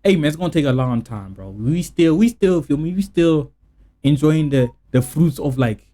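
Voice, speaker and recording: A man's voice: on the high side, normal speed. A young South African man with a South African accent, hosting a reaction video and giving blunt, slangy commentary on the clip. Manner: blunt, slangy, animated, talks back at the clip.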